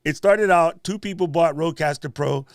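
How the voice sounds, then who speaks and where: A man's voice: on the high side, moderate pace, smooth, no echo, studio quality. A man hosting a livestream in a casual, joking way. He laughs often as he thanks his guest and talks to viewers. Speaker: livestream host.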